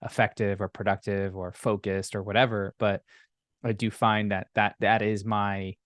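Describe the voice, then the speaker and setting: Male podcast host, lowish voice, halting and reflective, dry close mic. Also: level tone, a bit bright, dry recording. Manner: thoughtful, halting, restarts phrases. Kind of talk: interview questions.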